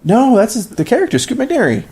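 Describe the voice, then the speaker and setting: A man's voice: extremely high pitch, wildly swooping pitch, fairly quick, darkish tone. A man co-hosting a podcast, chatting casually about films in a rambling way, full of restarts and fillers. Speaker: podcast co-host. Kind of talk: casual film discussion.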